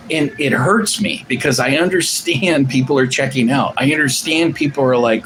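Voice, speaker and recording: Casting: man of middle pitch, solo livestream host, rambling and profane, with faint noise behind. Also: normal speed, few pauses, fairly bright tone, poor audio. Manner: reads out and answers viewer comments. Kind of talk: casual political commentary monologue.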